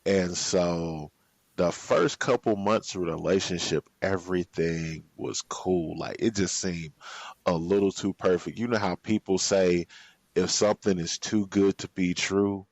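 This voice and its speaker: A man from the United States, a podcast guest, telling a personal story in a relaxed, drawn-out way with slang. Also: deep voice, dry recording. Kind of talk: storytelling in a casual interview. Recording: slightly muffled, dry sound.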